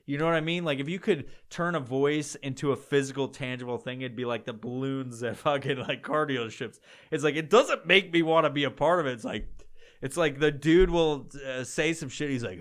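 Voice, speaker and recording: A man's voice: fairly high pitch, normal speed. A man from upstate New York hosting a podcast, talking in a casual, rambling, profane monologue full of digressions and restarts. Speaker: podcast host.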